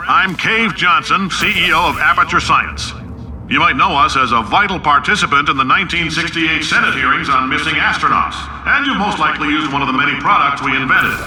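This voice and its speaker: A man's voice: fairly high pitch, lively intonation, brisk, sharp tone, roomy sound, recorded from a distance, poor audio. An actor playing a brash, boastful company chief who talks in a blustering, salesman-like, sardonic way in a video game. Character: brash boastful male company CEO, middle-aged.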